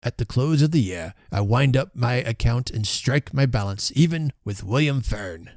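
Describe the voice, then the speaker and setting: A man voicing a pompous, self-important gentleman who speaks slowly and oracularly, in a storybook reading. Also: mid-range voice, lively intonation, no room sound, clean studio sound, close to an everyday voice. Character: pompous rich older gentleman.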